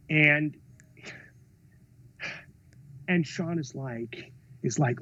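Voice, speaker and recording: A man with a slightly husky, fairly high voice tells stories in a podcast interview, swinging his pitch widely as he acts out what others said. He swears freely and sounds expressive. The audio is dull and lo-fi, like a remote call. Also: fairly quick. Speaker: film director and writer, interview guest. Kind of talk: animated storytelling in a podcast interview.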